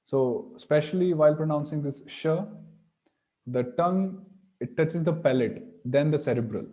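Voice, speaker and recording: A man teaching a pronunciation lesson, slowly demonstrating sounds and repeating syllables. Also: on the high side, warm tone. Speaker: Sanskrit teacher.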